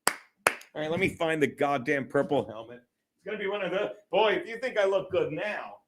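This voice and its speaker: Male streamer, high-pitched, loose and profane, rambles and laughs through his chat. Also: animated, normal speed, a bit bright. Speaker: livestream host. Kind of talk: casual solo livestream chat.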